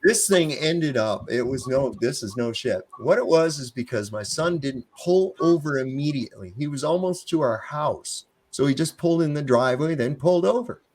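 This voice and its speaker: A man's voice: fairly high pitch, animated, moderate pace, hardly any pauses, darkish tone. Profane defiant middle-aged man telling a story. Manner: profane, defiant, acts out both sides of the exchanges. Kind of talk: casual storytelling.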